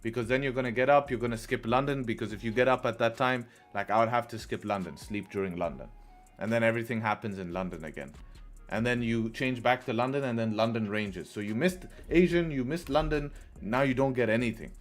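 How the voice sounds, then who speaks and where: A man's voice: mid-range voice, a little fast. A young man hosting a live trading stream, chatting casually and answering viewers' questions as he goes. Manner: laid-back, chatty, reads chat aloud. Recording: faint music behind.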